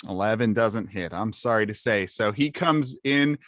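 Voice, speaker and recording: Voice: medium pitch, animated, moderate pace, fairly bright tone, dry recording. A game master running a tabletop game, counting damage aloud with hesitant fillers.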